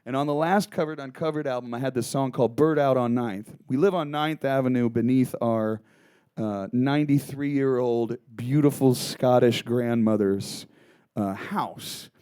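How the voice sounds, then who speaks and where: A man's voice: mid-range voice, moderate pace, mellow, clear, resonant tone, no room sound, clean studio sound. A guitarist and songwriter rambling through stage banter, joking and restarting his sentences between songs at a live club show. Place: small live music club. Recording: live club recording with music.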